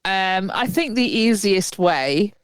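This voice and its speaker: A woman's voice: medium pitch, expressive, slow, smooth, no room sound. A woman co-hosting a podcast, chatting casually in a laid-back, wry way and swearing offhandedly. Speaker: podcast co-host. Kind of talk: casual chat.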